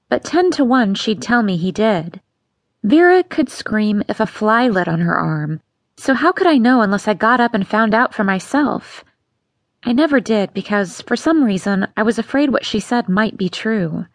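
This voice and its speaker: A woman narrating an audiobook in a measured, tense storytelling manner. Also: mid-range voice, gravelly, dry recording, studio quality. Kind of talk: scripted narration.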